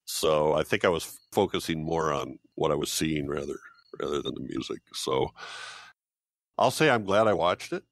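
Deep-voiced man, measured film critique. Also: animated, a bit bright, no echo. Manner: measured, thoughtful, hesitant. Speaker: film podcast reviewer. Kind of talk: casual podcast chat.

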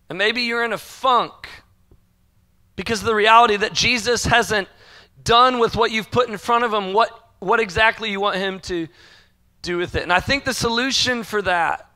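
A man preaching a church sermon in a high, bright voice. He talks conversationally, slipping into the doubting voices of his listeners as he goes. It is casual, relatable pulpit talk. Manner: conversational preaching, acts out quoted inner voices. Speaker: pastor.

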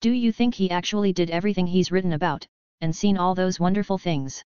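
A woman's voice: lowish voice, fast, mellow, clean tone, dry recording, close to an everyday voice. A woman voicing a curious young woman who keeps asking questions, in a dry, dull lo-fi recording.

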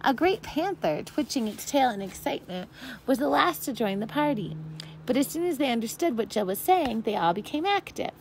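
A woman reading a children's chapter book aloud, expressive and gentle with an occasional slip. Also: on the high side, a little fast, a little hiss or hum, poor audio. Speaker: volunteer reader. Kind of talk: storytime read-aloud.

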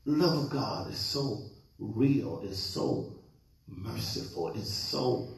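A man's voice: lowish voice, expressive, slow, creaky. A male pastor preaching a sermon, questioning his congregation and waiting for answers. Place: church sanctuary. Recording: echoey church hall.

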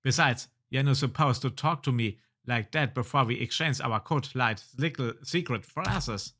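A man's voice: mid-range voice, normal speed, pushed and bright. A man voicing a bossy, threatening male spy from a video game. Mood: indignant.

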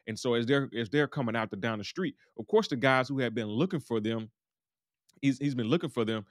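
Talking fast at a medium pitch, a man gives a relaxed, talky rundown of a TV episode, voicing the characters' lines as he retells it. It's a casual recap monologue, recorded dry with clean studio sound.

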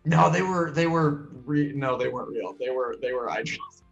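A man in his twenties answering trivia questions in casual chat, thinking out loud with a self-deprecating manner. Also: medium pitch, normal speed, vocal fry, muffled recording, faint music behind.

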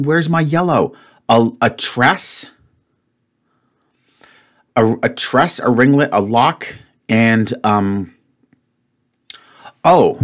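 Man, solo puzzle commentary, slow unhurried delivery, thinking aloud, exasperated muttering. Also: mid-range voice. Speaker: puzzle-solving host.

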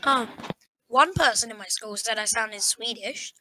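A British woman chatting in a loose, rambling way, her voice a little high. She talks playfully and casually, co-hosting the recording. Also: unhurried, pushed and bright, slight background noise, rough recording. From Britain. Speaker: co-host. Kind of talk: casual chat.

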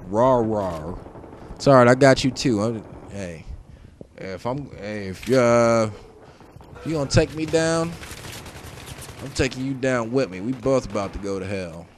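A man giving casual gameplay commentary, joking and trash talking, swinging between shouts and mutters. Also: medium pitch, unhurried, long pauses, a little hiss or hum. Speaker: gaming commentator. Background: game gunfire and explosions.

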